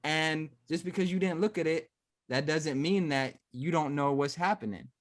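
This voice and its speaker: A man's voice: fairly high pitch, moderate pace. A man hosting a podcast, talking casually and thinking aloud, often restarting his sentences and livening up when he acts out examples. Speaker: podcast host. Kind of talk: casual conversation.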